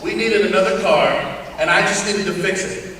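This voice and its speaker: A middle-aged pastor preaching a sermon, telling stories with humorous asides to the congregation. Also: male voice, high-pitched, normal speed, bright, forceful tone. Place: church sanctuary. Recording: echoey church hall from far off.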